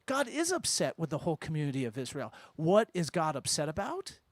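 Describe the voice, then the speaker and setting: A man teaching a congregation in a synagogue, lively and informal, with joking asides and questions to the room. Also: fairly high pitch, brisk, no echo. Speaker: rabbi teaching at a Shabbat service. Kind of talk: interactive sermon with congregation. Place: synagogue sanctuary.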